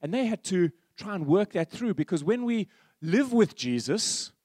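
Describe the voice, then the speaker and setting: Pastor guy preaching, kinda high voice, dry close sound, goes big then real quiet. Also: dry recording. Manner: storytelling, swings from animated to hushed. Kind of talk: sermon.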